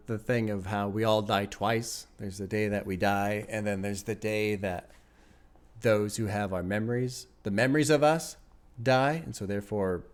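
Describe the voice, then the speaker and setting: A man hosting a music reaction video, musing and rambling in casual commentary, chuckling often and sometimes dryly sarcastic. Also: fairly low pitch. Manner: wry sarcasm.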